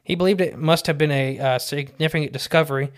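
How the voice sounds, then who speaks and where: A man's voice: on the high side, steady tone, fast. A man with a slightly raised voice rambles through cryptid stories in casual podcast chat. He jokes, stumbles and corrects himself as he goes. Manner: rambling, jokey, self-correcting storyteller. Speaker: podcast co-host.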